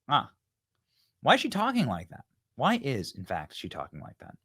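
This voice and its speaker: A male host of a political commentary show. He sounds mocking and sarcastic, and his pitch jumps around lively while he fills pauses with "uh". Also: husky. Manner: mocking, sarcastic, with frequent fillers.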